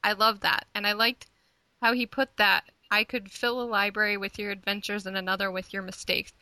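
A woman's voice: medium pitch, level tone, brisk, pushed and bright, no echo. A woman co-hosting a podcast and reading listener responses, playful and giggly. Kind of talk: casual chat.

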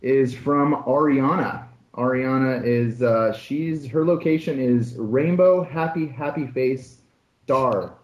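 A man co-hosting a podcast, chatting in a relaxed, enthusiastic way. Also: mid-range voice, slow pace, dull audio. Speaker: podcast co-host. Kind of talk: casual chat. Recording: roomy, echoey sound.

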